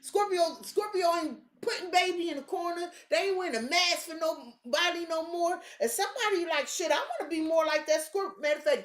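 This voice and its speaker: A woman's voice: high voice, fairly bright tone, echoey room. A woman giving a casual tarot reading in a hyped-up, blunt and profane manner. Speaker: tarot reader.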